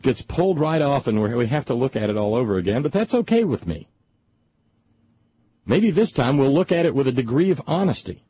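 A middle-aged man hosting a talk show, delivering an indignant, sarcastic political monologue with frequent halting repeats. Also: medium pitch, very animated, husky, no room sound, highs cut off. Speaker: talk radio host.

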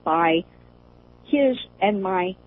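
An older woman calls in to a show for a casual chat, her mid-range voice animated but very slow. She laughs often as she talks, and the tinny phone line carries a faint hiss.

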